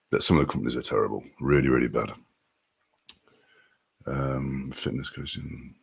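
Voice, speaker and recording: A low-voiced man, hosting a relaxed live stream. He greets viewers one by one in an upbeat, friendly chatter. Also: breathy edge. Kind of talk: casual live-stream chat.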